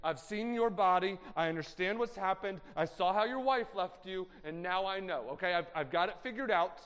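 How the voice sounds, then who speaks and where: A smug, pompous man who is sure he has it all figured out, pushing his point loudly and insistently, as a preacher puts him on. His voice sits a little higher than usual and rings with a long hall reverb. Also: expressive, normal speed, clean tone. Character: self-assured male friend lecturing a sufferer.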